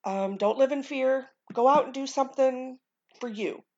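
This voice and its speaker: A woman's voice: high-pitched, moderate pace, darkish tone, lo-fi sound. An American woman hosting a casual solo podcast, rambling through her thoughts with lots of ums and casual swearing. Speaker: podcast host.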